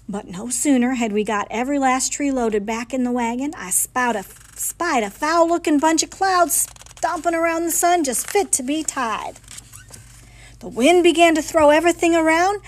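A woman reading a picture book aloud in a lively, folksy storytelling manner, in a library. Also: sits high.

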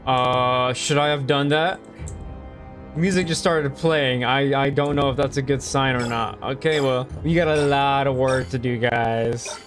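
A young male gamer narrating a horror game, easily spooked and talking straight to his viewers. His voice sits at an ordinary pitch. Loud game music plays behind him. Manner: jumpy, easily scared, talks to viewers. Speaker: gaming video host. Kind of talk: let's play commentary.

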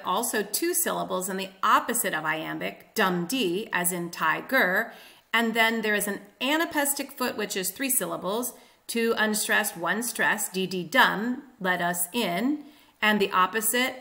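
A woman teaching literature in a clear, steady lesson, tapping out stresses with spoken beats. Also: mid-range voice. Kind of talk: explanatory lesson.

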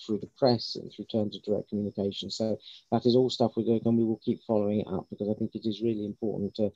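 Low, mellow man, candid council answers, dry muffled video-call sound. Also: level tone, fast, no echo. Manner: candid, explanatory, repeats and corrects himself. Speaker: council member answering a scrutiny committee. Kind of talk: formal committee answers over video call. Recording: dull lo-fi video call audio.

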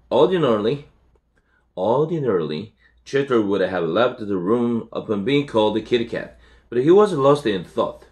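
A man's voice: mid-range voice, animated, a little mellow. Man reading a storybook aloud. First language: Korean. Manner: unhurried, with self-corrections and fillers. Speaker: English teacher. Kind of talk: reading a children's novel aloud.

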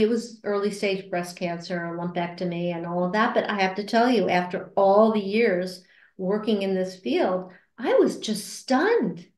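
In a casual interview with a roomy echo, a woman talks about her work at a cancer support center. She sounds earnest and reflective, often hesitating and restarting, and raises her pitch to act out remarks she quotes.

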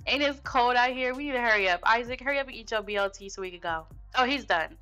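A woman's voice: on the high side, quick pace, pushed and bright, clear, resonant tone, soft background music. A young woman giving casual, chatty gameplay commentary, talking straight to her viewers with lots of slang. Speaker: gaming video host.

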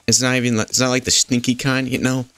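A man's voice: medium pitch, level tone, fast, fairly bright tone, clear, resonant tone. A man casually narrating his gameplay, joking, rambling and talking back to the characters in the game. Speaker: gaming host. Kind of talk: goofy gameplay commentary.

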